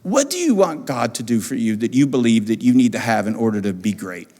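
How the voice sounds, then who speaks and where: A man preaching as pastor, animated and repeating phrases for emphasis, in a church auditorium. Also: mid-range voice, a little fast. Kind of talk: sermon. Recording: long church hall reverb.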